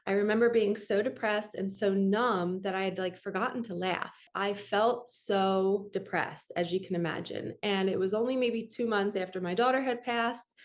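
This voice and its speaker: A woman's voice: medium pitch, fairly even intonation, normal speed, hardly any pauses. A woman in her forties, a manifestation coach, telling a personal story in a candid, emotional, rambling way.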